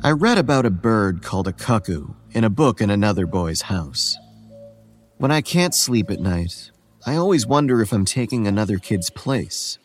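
A man's voice: fairly low pitch, very animated, moderate pace. A man narrating as a weary, ageless boy. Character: weary, homeless boy who looks about eleven. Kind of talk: first-person horror story narration. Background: soft music.

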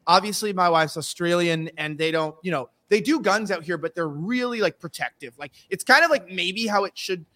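A man hosting a live podcast, talking loudly and rambling with laughing asides. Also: sits high, brisk, hardly any pauses. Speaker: podcast host. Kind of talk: casual live-stream banter.

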